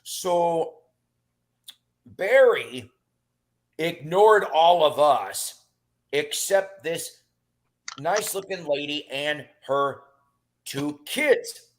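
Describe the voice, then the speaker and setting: A man's voice: on the high side, very slow, long pauses. A middle-aged man rambling through casual stories in a chat, with lots of fillers and restarts. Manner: rambling and animated, with many fillers.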